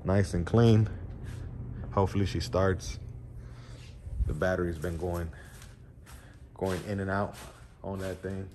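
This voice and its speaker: Taking it slowly with long pauses, this man's low, steady voice has a slightly mellow quality, and there's a bit of hiss or hum. Of Puerto Rican heritage, he rambles through a casual vlog walkthrough of his wheel shop in a laid-back way, swearing and leaning on fillers such as "you know."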